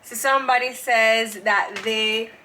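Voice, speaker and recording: A woman's voice: fairly high pitch, fairly even intonation, measured pace, sharp tone, a little hiss or hum, low-quality recording. A woman hosting a casual chat show, chatty and giggly as she tells stories. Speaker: host.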